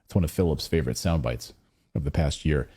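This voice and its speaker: An American man hosting a political commentary show in a sarcastic, animated, mocking manner. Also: very deep voice, a little fast, husky. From United States. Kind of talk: opinion commentary.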